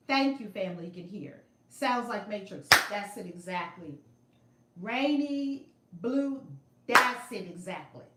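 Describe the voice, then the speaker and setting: A middle-aged woman telling a story on a casual livestream from a room at home, animated and emphatic, repeating her phrases. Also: medium pitch, echoey room. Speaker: spiritual vlogger. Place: home room with altar and shelves. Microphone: phone camera.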